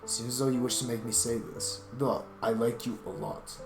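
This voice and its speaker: A man's voice: medium pitch, fairly even intonation, fairly quick, gravelly, lightly acted. A man voicing a devoted male tiger guardian spirit in a visual novel, speaking formally and tenderly. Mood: earnest. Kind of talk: reading a visual novel aloud. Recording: roomy echo with guitar music.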